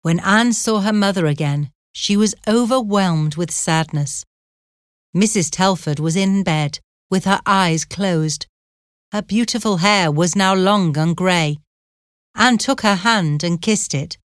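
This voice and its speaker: A woman narrating an audiobook chapter in a measured, even storytelling manner. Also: on the low side, no echo, clean studio sound.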